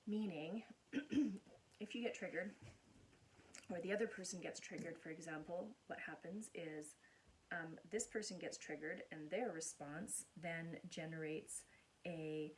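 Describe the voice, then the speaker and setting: A woman's voice: lowish voice, unhurried, a little hiss or hum. A woman counselor talking casually to camera, explaining earnestly with everyday examples.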